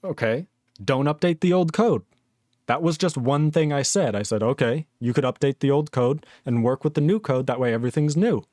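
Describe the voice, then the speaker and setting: A young man in his twenties ranting casually on a live-coding stream, reading chat aloud, animated and sweary. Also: mid-range voice, normal speed, no echo, studio quality. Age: 20s.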